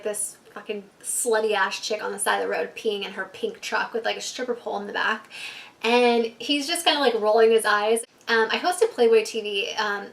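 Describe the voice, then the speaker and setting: A chatty woman tells a wild story straight to her viewers. Her voice sits a bit high, full of "like" and quick giggles. The tone stays loose and casual throughout. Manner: chatty, laughs often, lots of "like". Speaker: YouTube storyteller.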